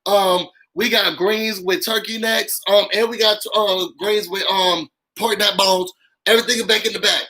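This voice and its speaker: Black guy doing a live call-in stream, high bright voice, rambly and animated. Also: normal speed, low-quality recording. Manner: animated, talks straight to viewers, heavy "y'all" and "um" fillers. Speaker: YouTube show host. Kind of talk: casual live-stream commentary with call-ins.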